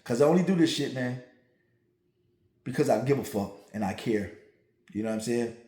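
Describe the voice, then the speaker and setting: A man's voice: medium pitch, animated, normal speed, warm tone, reverberant. A man hosting a podcast, talking to listeners in a blunt, profane, emphatic way and often checking in with "right?" as he goes. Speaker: podcast host. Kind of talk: casual monologue to listeners.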